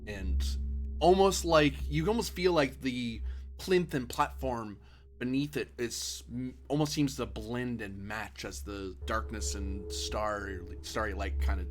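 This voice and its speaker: A man running a tabletop role-playing game as game master, moving between hushed whispers and lively narration. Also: medium pitch, unhurried, soft background music.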